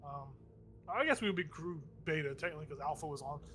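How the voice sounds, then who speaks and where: Guy playing a nervous grumbly company handler, muttery, kinda high pitched. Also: fast, pushed and bright, a little hiss or hum. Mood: flustered. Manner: mutters, flustered, rambling.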